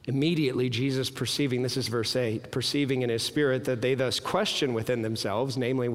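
A man in his thirties preaching a sermon, earnest and emphatic, climbing to strong peaks and dropping low. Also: steady tone, a little fast. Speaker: pastor. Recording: reverberant hall.

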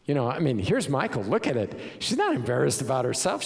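A male pastor preaches with a lively voice that swings up and down in pitch. He drives his points home with rhetorical questions, and his voice rings with a long reverb in a church hall. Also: fairly quick, creaky. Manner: emphatic and animated, with rhetorical questions. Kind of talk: sermon.

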